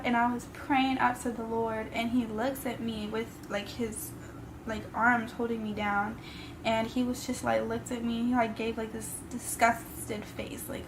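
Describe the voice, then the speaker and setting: A woman's voice: on the high side, level tone, a little slow, slight background noise, rough recording. A young woman telling a personal story in a vlog, with casual slang, emotional and tearful at times. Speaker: vlogger.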